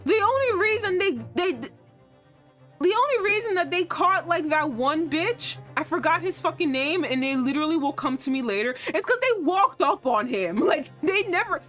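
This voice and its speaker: A young woman streaming a game, talking casually and excitably with lots of swearing, jumping between loud outbursts and low mutters. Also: moderate pace. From United States. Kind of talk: casual let's-play commentary. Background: faint game music.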